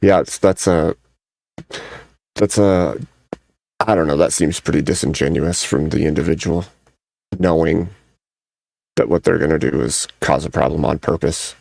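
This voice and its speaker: Very deep gravelly male host. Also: normal speed, pauses often, darkish tone, no echo, clean studio sound. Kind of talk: casual chat.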